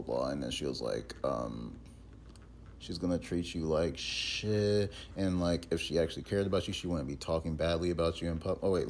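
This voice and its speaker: Very low gravelly young man, rambling. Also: darkish tone, a little hiss or hum. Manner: rambling, halting, full of fillers and restarts. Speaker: content creator responding to allegations. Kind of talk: casual recounting while reading messages aloud.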